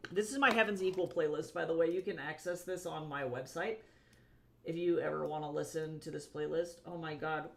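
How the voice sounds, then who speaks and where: A woman's voice: low voice, fairly even intonation, fairly quick, gravelly, slight background noise. A woman streaming her comic drawing, chatting casually and talking fondly to her cat as she works at her desk. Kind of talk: casual livestream chat. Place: home desk at a drawing tablet.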